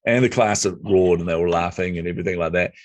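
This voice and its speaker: On a podcast, a middle-aged man from New Zealand tells his story quickly in a low voice, acting out the dialogue as a lively storyteller in a casual interview. His voice is close and dry on the mic, with no room sound at all.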